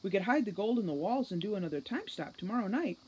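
A woman's voice: mid-range voice, sing-song, quick pace, a little mellow, slightly rough, pitched above the performer's own voice, low-quality recording. A woman voicing a determined young female elf police captain who pleads and argues earnestly.

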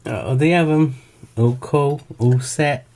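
A man's voice: mid-range voice, unhurried, darkish tone. Enthusiastic young man. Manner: enthusiastic, rambling with fillers. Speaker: co-host. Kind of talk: casual vlog chat.

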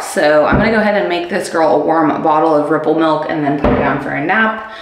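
A woman's voice: low-pitched, fast talker. A young, heavily pregnant woman vlogging casually at home, chatty and giggly with lots of fillers. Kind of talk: casual vlog talk to camera.

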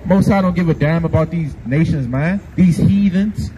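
A man's voice: on the high side, normal speed, dark tone, lo-fi sound. A man preaching on the street outdoors at a gas station, scolding and calling for scripture to be read. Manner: confrontational, scolding, repetitive call-and-response. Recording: noisy outdoor street recording.

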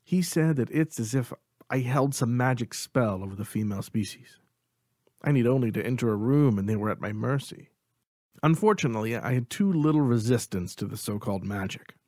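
A man's voice: mid-range voice, animated, fairly quick, dark tone, dry recording. Man narrating an audiobook, dry sound. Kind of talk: first-person audiobook narration.

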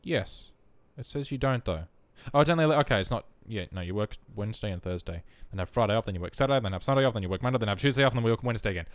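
A man's voice: lowish voice, animated, very fast, hardly any pauses, no room sound. A young man giving wry, self-mocking commentary while playing a life-simulation game. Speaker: let's play host. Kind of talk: casual gameplay commentary.

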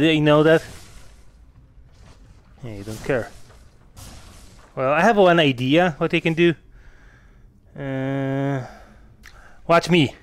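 A man giving casual gameplay commentary, excitable, swearing and laughing often with sudden loud outbursts. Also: on the high side, slow pace, long pauses, smooth, dry recording. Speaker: gamer.

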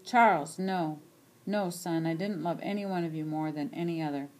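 A proud old grandmother, put on by a woman reading aloud, talks in plain rural dialect. Her voice rises above a low reading tone and presses every point. It is a stubborn, insistent storybook grandmother. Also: normal speed, darkish tone, close to an everyday voice.

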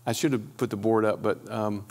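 A middle-aged man giving a relaxed church teaching, talking it through with pauses and restarts. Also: fairly low pitch. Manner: conversational, pauses with fillers and restarts.

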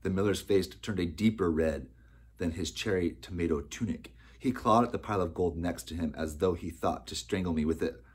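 A man narrating an audiobook in a steady storytelling manner. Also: deep voice, brisk, husky. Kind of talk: scripted narration.

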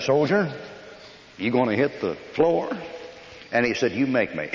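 An older American preacher telling blunt, folksy army stories in a sermon, scolding and emphatic. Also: male voice, medium pitch. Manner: folksy storytelling with rough army anecdotes. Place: church hall. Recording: echoey hall, dull old recording.

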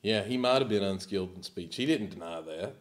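A man's voice: low-pitched, animated, fairly quick. A man preaching a sermon as pastor, emphatic and at times sarcastic.

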